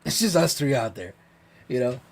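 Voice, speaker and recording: A man telling a long, profane story in casual podcast chat, rambling and animated. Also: medium pitch, moderate pace, gravelly. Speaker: podcast co-host.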